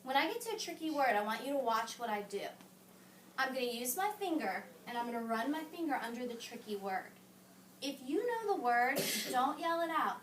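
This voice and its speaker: A woman teacher with a high voice patiently reads a picture book aloud to young children, coaching them through each word. She often hushes the kids to keep them quiet. The recording is roomy and distant, with soft background noise. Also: big pitch swings, brisk. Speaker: elementary school teacher. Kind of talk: reading a picture book aloud and modeling strategies. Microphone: camera some distance away. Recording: roomy classroom sound, distant mic.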